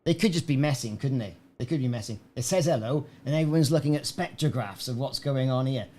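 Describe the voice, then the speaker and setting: A man's voice: mid-range voice, fairly quick, a little mellow. A man casually chatting on a game live stream, rambling and answering viewers by name. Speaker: gaming streamer.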